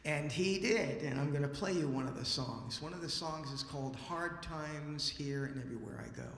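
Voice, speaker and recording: Bright-voiced storyteller man in an echoing hall. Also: fairly high pitch, moderate pace. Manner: lively, acts out dialogue, casual asides. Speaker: musician and storyteller on stage. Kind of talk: animated live storytelling. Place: library event hall. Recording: roomy hall with long reverb.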